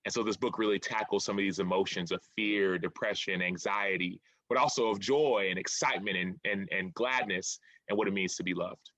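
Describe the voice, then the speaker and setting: A man in his thirties recounts his life story with earnest reflection, doubling back on phrases as he goes. His voice is bright and forceful, sitting a little low. The sound is dry, with little room. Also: fairly quick, hardly any pauses, no echo, rough recording. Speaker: author and former football player. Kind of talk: interview, storytelling.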